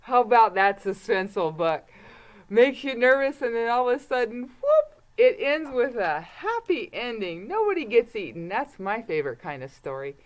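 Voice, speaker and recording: A woman's voice: a little high, sing-song, muffled recording. A woman reading a rhyming picture book aloud to children, building suspense with whispers and bursting into cheers. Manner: slow, dramatic, suspenseful, swings to whispers and cheers. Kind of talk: storybook read-aloud for children.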